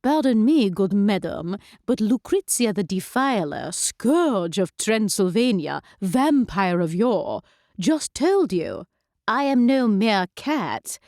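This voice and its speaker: A woman voicing an old, grandly formal male vampire cat who talks in a pompous, courtly and slow way. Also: mid-range voice, very animated, darkish tone, no room sound, clean studio sound.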